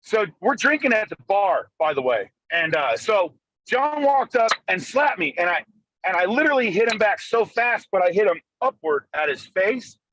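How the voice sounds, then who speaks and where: A man telling a story over a phone call while driving, excitable and full of profanity. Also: high voice, moderate pace, a little hiss or hum. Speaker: podcast co-host. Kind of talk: casual storytelling chat. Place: in a car, driving.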